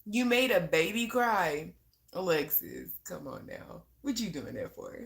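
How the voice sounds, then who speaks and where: Animated woman livestreaming in an echoey room. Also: medium pitch, measured pace. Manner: laughs often, swears casually, chats to viewers. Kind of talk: casual live-stream chat. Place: at home.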